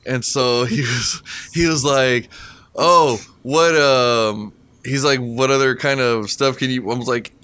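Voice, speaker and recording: A man's voice: medium pitch, fairly even intonation, unhurried, fairly bright tone, clean tone, no echo. A man telling profane, laughing stories in a casual podcast chat. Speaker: podcast co-host.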